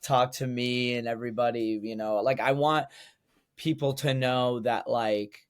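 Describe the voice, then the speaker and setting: A man who is a stand-up comedian, telling stories on a podcast over a video call, energetic and full of fillers like "like". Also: medium pitch, unhurried, smooth. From United States. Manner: energetic storyteller, heavy use of "like". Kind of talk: casual podcast chat.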